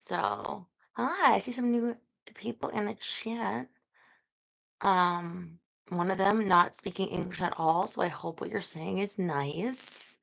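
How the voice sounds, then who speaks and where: A woman hosts a casual livestream and chats to her viewers without a script, wandering from thought to thought with frequent fillers. Her voice has a bright, forward edge. Gravelly fry creeps into many of her phrases. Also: mid-range voice, measured pace, rough recording. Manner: rambling, hesitant, many fillers. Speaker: book-reading livestream host.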